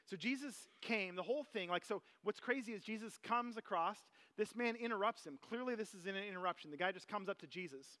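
A man's voice: high-pitched, a little fast, hardly any pauses. A man, a father, preaching a sermon in a casual, conversational way, telling personal stories to his congregation. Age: adult parent. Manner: conversational, animated, personal anecdotes. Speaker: pastor.

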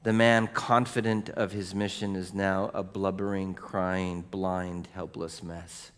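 A middle-aged male pastor preaching a sermon in a lively storytelling way, with casual conversational asides. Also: sits low, slow pace.

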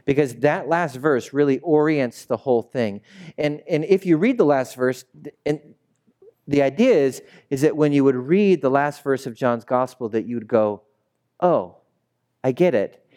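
A man's voice: medium pitch, moderate pace, darkish tone. Man preaching a chatty sermon. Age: young adult. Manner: conversational, jokey, engages the congregation with call-and-response. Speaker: pastor. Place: church sanctuary with a congregation.

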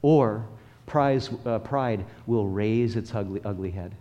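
A man's voice: fairly low pitch, slow pace, dark tone, highs cut off. A male pastor preaching a sermon in a church, with emphatic, rhythmic repetition and calls for the congregation to repeat after him. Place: church sanctuary. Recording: long reverb of a large hall.

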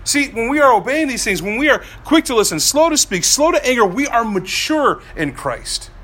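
Animated, bright-voiced male pastor preaching. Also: very high voice, moderate pace. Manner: animated, swinging from soft to loud. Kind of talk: sermon.

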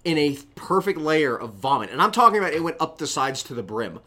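A man's voice: fairly high pitch, sing-song, a little fast, heavy background noise. Profane, rambling young man telling a story. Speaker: podcast co-host. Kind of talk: casual storytelling chat.

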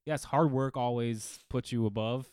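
A man co-hosting a casual fantasy football podcast, telling stories in a lively, profane way from a home studio. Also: mid-range voice, unhurried, smooth, no echo. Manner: animated, profane storytelling. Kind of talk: casual chat. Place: home studio living room.

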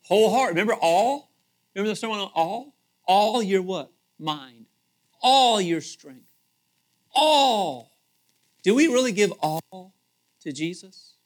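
A man preaching a sermon in a conversational, animated way, repeating himself and swinging between loud emphasis and quiet asides. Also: high voice, normal speed. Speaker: pastor.

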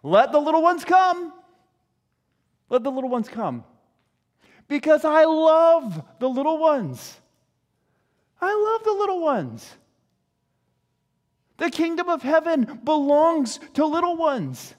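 Man doing exasperated loving teacher, high voice, emphatic repeats, hall echo. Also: sing-song, unhurried, full character voice. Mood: tender. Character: exasperated, loving male teacher scolding slow followers. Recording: reverberant hall.

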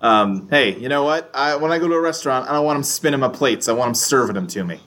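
A man's voice: medium pitch, animated, fast, fairly bright tone. A man hosting a podcast in casual chat, joking and rambling with lots of fillers. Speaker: podcast host.

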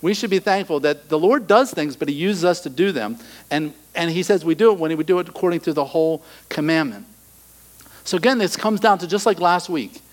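A middle-aged male pastor preaching a sermon, animated, acting out quoted voices and dropping to soft asides. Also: on the high side, fairly quick, rough recording.

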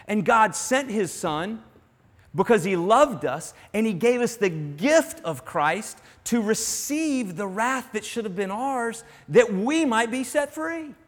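A man preaching a sermon in earnest, dropping to a hush on some lines and rising to emphasis on others. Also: high voice, expressive, slow pace. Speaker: pastor. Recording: long hall reverb.

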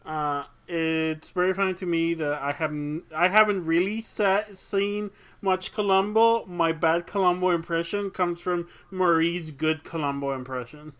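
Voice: mid-range voice, steady tone, fairly bright tone, clear, resonant tone. Playful, joking podcast co-host. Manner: joking, playful, quick with banter. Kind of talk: casual chat.

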